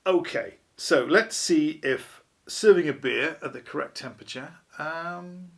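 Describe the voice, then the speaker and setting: Guy chatting thru a beer review, bit of fry in his voice, dry self-mocking humour. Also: fairly high pitch, measured pace, a bit bright. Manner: chatty, wry, self-deprecating. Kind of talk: casual review vlog.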